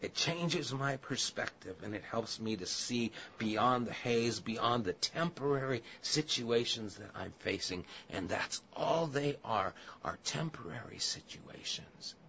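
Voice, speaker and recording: A male preacher mixes a lively anecdote with earnest teaching, his voice bright and pressing. The audio is muffled and lo-fi, with a faint hiss underneath. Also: medium pitch, a little slow, hardly any pauses. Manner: storytelling with humor, then earnest and hushed. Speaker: pastor. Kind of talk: sermon.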